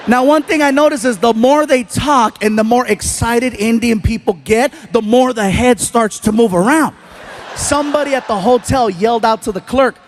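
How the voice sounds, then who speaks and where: A man doing live stand-up storytelling on a theater stage into a handheld mic, animated and shouting his punchlines. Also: very high-pitched, normal speed, slight background noise. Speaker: stand-up comedian.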